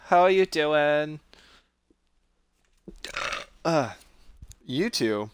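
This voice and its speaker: A man's voice: mid-range voice, animated, moderate pace, no room sound. A man streaming a horror game live. He is jumpy and nervous and makes fun of himself as he plays. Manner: jumpy, nervous, self-mocking. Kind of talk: live gameplay commentary. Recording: voice over loud game music.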